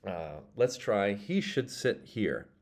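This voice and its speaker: Lower-voiced man teaching a language lesson. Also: sing-song, darkish tone. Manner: explains step by step, models phrases slowly and leaves pauses for practice. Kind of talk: casual spoken language lesson.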